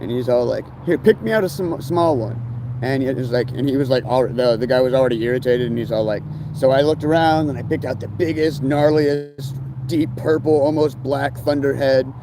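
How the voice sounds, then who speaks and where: A man's voice: medium pitch, fairly even intonation, a little fast, background noise. A man talking in a rambling, casual monologue full of slang and fillers about life on the road. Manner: meandering, filler-heavy, laid-back slang.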